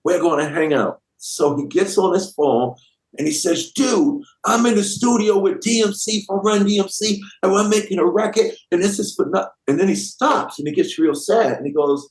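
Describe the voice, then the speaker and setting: This guest rapper, a man in his fifties, speaks in a high voice at a moderate pace. He spins a lively, slang-heavy story, imitating the people he quotes, in a room with noticeable echo.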